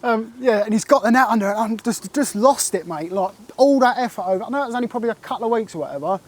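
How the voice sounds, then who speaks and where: A man, telling an excitable and rambling fishing story in a casual interview, full of "like" and "mate". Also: sits high, fast talker. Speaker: carp angler recounting a catch.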